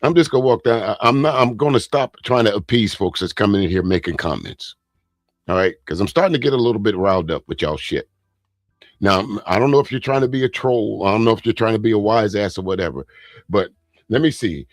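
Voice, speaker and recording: A man's voice: lowish voice, animated, brisk, no room sound, soft background music. A man hosting a casual live commentary, blunt and profane, stammering as he reads viewer comments aloud. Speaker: host reacting to a speech and viewer comments.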